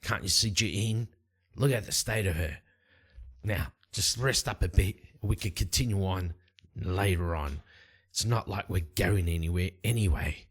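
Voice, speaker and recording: A man voicing a blunt, sarcastic male adventurer in a tabletop game, talking in a dry, gruff way. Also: low voice, a little slow. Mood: protective.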